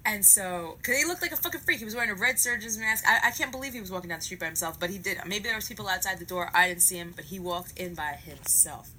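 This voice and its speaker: A woman telling a comic story in a profane, animated way, acting out each part. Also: medium pitch, quick pace, few pauses, a little hiss or hum, poor audio.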